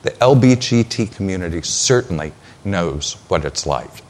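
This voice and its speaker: A man preaching a sermon, retelling scripture as a story with dramatic pauses. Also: deep voice, expressive, darkish tone, a little hiss or hum.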